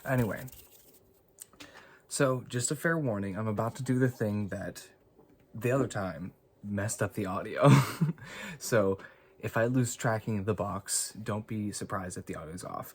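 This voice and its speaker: An American ASMR creator chats casually and softly with some whispering, rambling and often laughing at himself. He has a lowish voice at normal speed, recorded on a phone on a gimbal in a home studio with haze and lights, with slight background noise.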